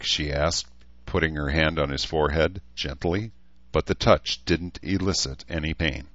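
A man reading an audiobook as narrator with steady, even storytelling. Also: a bass voice, unhurried, dry recording. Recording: dull lo-fi dry recording.

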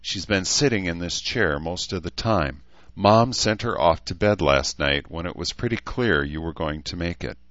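A man's voice: low-pitched, moderate pace, a bit bright, dry recording, lo-fi sound. A man voicing a young woman healer who teases and scolds her patient bluntly. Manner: teasing, scolding.

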